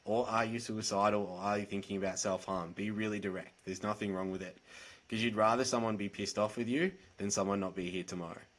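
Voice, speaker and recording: A man's voice: on the low side, fairly even intonation, fairly quick. A man with an Australian accent, a guest on a podcast, talking in a candid, earnest and direct way over a video call. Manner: direct, earnest, plain-spoken. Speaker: podcast guest, mental health advocate. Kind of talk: candid conversational storytelling.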